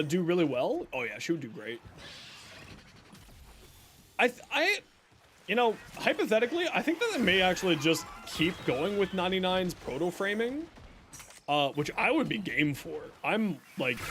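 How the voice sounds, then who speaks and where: A young man streaming a video game, chatting casually with his viewers, reacting to chat and teasing them. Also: high voice. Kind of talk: casual live-stream chat while gaming.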